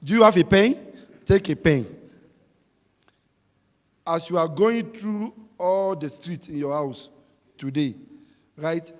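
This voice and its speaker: A man preaching a sermon, emphatic and repetitive, swinging between shouting and quiet talk. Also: fairly high pitch, takes it slowly, long pauses, in a large hall.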